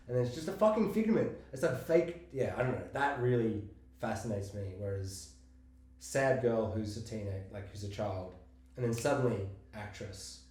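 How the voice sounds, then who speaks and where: A man co-hosting a casual film discussion podcast, talking in a rambling, animated way and swearing often. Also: mid-range voice, normal speed. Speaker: podcast co-host. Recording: very echoey room.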